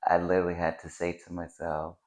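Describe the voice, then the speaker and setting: A man's voice: low-pitched, completely flat delivery, fast talker, a little mellow. A man co-hosting a podcast in casual chat, emphatic and swearing freely, acting out his own inner voice. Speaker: podcast co-host. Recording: roomy echo.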